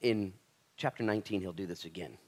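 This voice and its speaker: Male preacher, casual and conversational, big dynamic swings between loud and quiet. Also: low voice, a little fast. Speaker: pastor. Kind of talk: sermon.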